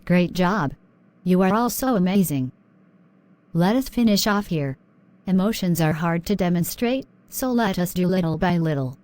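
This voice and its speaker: A woman's voice: lowish voice, expressive, normal speed, a little mellow, a little hiss or hum. A woman teaching English vocabulary in a scripted drill, encouraging and repeating words.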